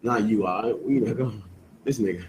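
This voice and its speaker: A man's voice: lowish voice, a little fast, a little mellow, low-quality recording. A man teaching a scripture class, firing questions back at his students and stressing key words in a call-and-response style. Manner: quizzing students with repeated questions, emphatic; peppers talk with "you know what I'm saying".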